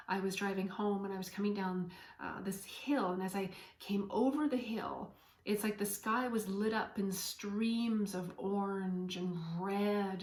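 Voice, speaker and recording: A woman hosting a podcast as a spiritual medium, speaking in an earnest, heartfelt and gently encouraging way. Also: medium pitch. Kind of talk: inspirational spiritual talk. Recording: echoey room.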